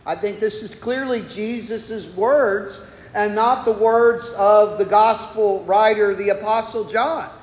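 A man preaching a sermon in an animated, rhetorical way, sometimes acting out imagined listeners, heard in an echoey church. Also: high voice, slow pace. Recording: echoey hall, far from mic.

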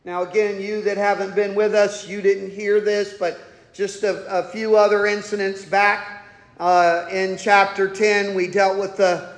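A man preaching a sermon in a church. He swings between sudden loud outbursts and hushed asides. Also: high-pitched. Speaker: pastor. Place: church sanctuary. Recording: echoey hall with long reverb.

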